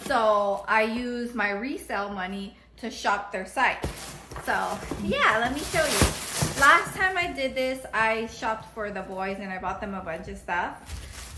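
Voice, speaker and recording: A woman's voice: fairly high pitch, noisy background. Bubbly chatty woman vlogging. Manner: bubbly and chatty, gushing exclamations. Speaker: lifestyle vlogger. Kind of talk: casual vlog chat.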